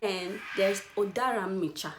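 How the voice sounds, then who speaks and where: A young woman teaches vocabulary in a relaxed, joking manner, often breaking into laughter and saying words over slowly. Her voice sits at an ordinary middle pitch. The room gives it a noticeable echo with a faint hiss underneath. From Nigeria, Igbo. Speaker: language teacher. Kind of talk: casual language lesson.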